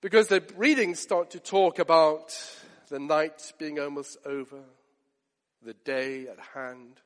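A man with a high voice delivers a sermon, earnest and deliberate, leaning on repeated phrases. His words ring out with a long reverb trailing behind them, as in a large church. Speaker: preacher.

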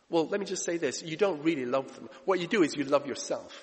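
A man preaching a sermon, emphatic, moving between loud urgent lines and hushed ones. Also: fairly high pitch, quick pace, hardly any pauses. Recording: reverberant hall.

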